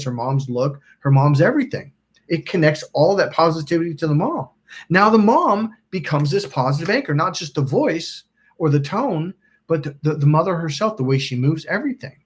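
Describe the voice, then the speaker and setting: A man hosting a self-help channel, telling a story in a rambling, casual way, acting out quotes and swearing now and then. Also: a little high. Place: indoors by a smoking candle.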